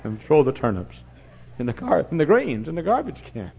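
An older man preaching a sermon in a church, telling stories and swinging from booming shouts to low, quiet asides. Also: huge pitch swings, brisk, gravelly, breathy edge. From Texas. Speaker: pastor. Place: church sanctuary. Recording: dull lo-fi recording.

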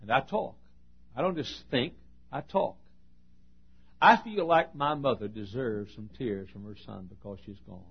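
A middle-aged man preaching a sermon, his voice dropping to a hush and then rising to loud, shouted exhortation. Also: medium pitch, unhurried, pauses often, slightly rough, lo-fi sound.

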